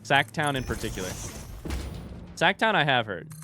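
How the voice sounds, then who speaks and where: A man's voice: mid-range voice, big pitch swings, normal speed, sharp tone, a little hiss or hum. A young man streaming a game, chatting casually with his viewers in a rambling, joking way and often breaking off mid-sentence. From United States. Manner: rambling, self-interrupting, joking asides. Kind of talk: casual livestream chat with viewers.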